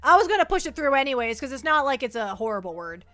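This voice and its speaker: Very high, bright, excitable woman streamer. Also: fast talker, soft background music. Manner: excitable, giggly, stammering. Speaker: VTuber streamer. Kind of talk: casual livestream chat.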